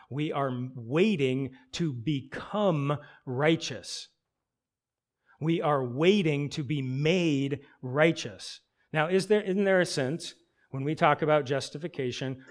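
A man preaching an expository sermon, asking rhetorical questions and slowing down to stress key phrases. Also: medium pitch.

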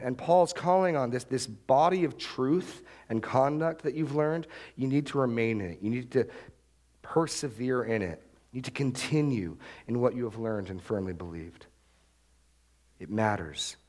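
Emphatic man preaching a sermon. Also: mid-range voice. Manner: emphatic, repeats key phrases, rises sharply for stress. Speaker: pastor. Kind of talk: expository sermon.

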